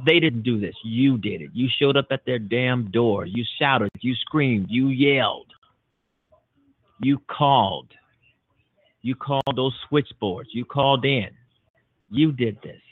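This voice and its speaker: This Chicago internet radio host is a man delivering political talk in emphatic, repetitive bursts. His voice sits mid-range, heard dry over a tinny phone-like line without any echo.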